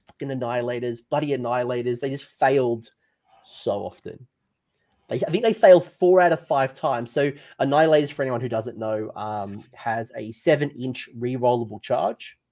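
A man co-hosts a casual tabletop gaming chat. His voice sits in a middle pitch, and he rambles in a loose, self-mocking way about his bad luck. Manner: chatty, self-mocking, animated complaining. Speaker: podcast co-host.

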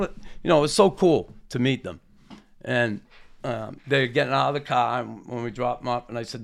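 A man, a former hockey player telling an animated anecdote and acting out quotes. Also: mid-range voice, normal speed, vocal fry. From Boston area. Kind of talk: anecdotal storytelling.

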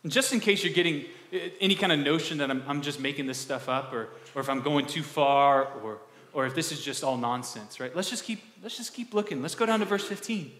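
A male pastor preaching a conversational sermon, asking the congregation questions and restarting words in quick bursts. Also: on the high side, fairly bright tone. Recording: echoey hall with long reverb.

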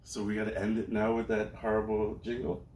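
A man's voice: fairly low pitch, completely flat delivery, a little fast, a little mellow. A young man co-hosting a podcast, giving laid-back, dry replies in a casual chat. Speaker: podcast co-host. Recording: roomy room echo.

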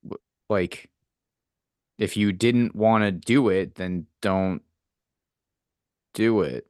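Man, podcast co-host, deep voice, blunt, swears a lot, dry recording. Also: takes it slowly, darkish tone, clear, resonant tone, no room sound. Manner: blunt, dismissive, heavy swearing. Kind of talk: casual chat.

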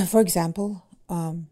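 A woman language teacher in casual podcast talk, speaking haltingly with many fillers and "eh?" tags. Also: lowish voice, mellow.

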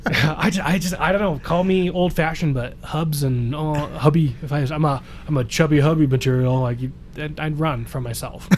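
A man co-hosting a podcast who rambles and jokes as he recaps the episode. His voice sits a little high for a man. There is a faint hiss of background noise behind him. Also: steady tone, normal speed. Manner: joking, rambling, playful impressions. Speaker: podcast co-host. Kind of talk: casual recap chat.

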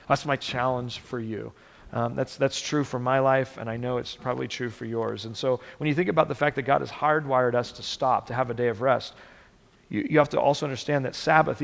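Guy preaching, bit of fry in his voice, repeats himself for emphasis, big echoey church sound. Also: mid-range voice. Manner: earnest, repeats words for emphasis. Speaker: pastor. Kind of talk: sermon. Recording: long reverb of a church hall.

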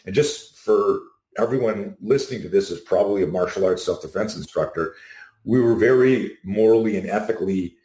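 Low voiced middle-aged guy on a video call, lively storyteller, roomy echo. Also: fairly quick. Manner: animated anecdotes, acts out quotes. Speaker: self-defense instructor, guest. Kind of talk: storytelling in an interview. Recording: echoey room.

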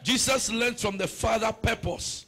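A male pastor delivers a sermon in a husky, raspy voice that sits high. He swings from shouted, sing-song prayer to an easy teaching tone, tossing rhetorical questions at the room. The fry in his voice grinds through the quieter stretches. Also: expressive, normal speed.

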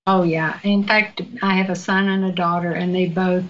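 Speaking at normal speed in a lowish, fairly bright voice with little pitch movement, this older Southern-accented woman from Virginia shares folksy stories as an interview guest. She's outspoken and laughs a lot, and the sound is lo-fi.

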